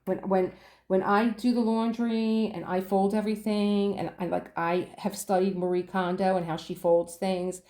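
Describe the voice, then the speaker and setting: A woman's voice: mid-range voice, flat delivery, moderate pace, dark tone. A woman vlogging at home about her craft, chatting casually, acting out quoted dialogue and laughing often. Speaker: diamond painting vlogger. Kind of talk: casual storytelling chat. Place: room at home. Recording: roomy home room echo.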